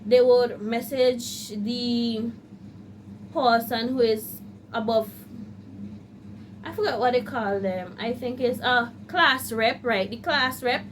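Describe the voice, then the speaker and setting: A woman's voice: on the high side, takes it slowly, slight background noise. A woman law student vlogging in a casual storytelling way, talking straight to her viewers and acting out her own panic. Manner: animated, addresses viewers directly; acts out her own past panic in quoted asides.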